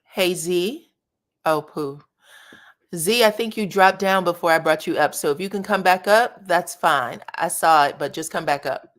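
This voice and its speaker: A woman with a lowish, fairly bright voice speaks unhurriedly while hosting a casual live stream reviewing a new reality show. She's chatty, thanks subscribers, and calls her viewers "y'all" and "child."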